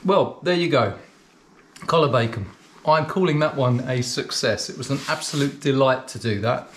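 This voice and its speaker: A man's voice: mid-range voice, normal speed, a bit bright, a little hiss or hum. A man teaching cookery, chatting casually to the camera while he eats and talking through mouthfuls. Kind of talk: casual tasting chat to camera.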